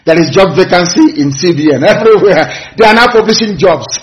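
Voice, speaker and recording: A man's voice: high voice, brisk, poor audio. A man giving impassioned political commentary, full of rhetorical questions and preacher-like repetition.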